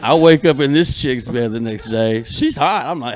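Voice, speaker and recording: Male comic guest, from Alabama; profane, animated storyteller who acts out the dialogue. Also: medium pitch, normal speed, few pauses. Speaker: guest comedian. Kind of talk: casual storytelling on a podcast.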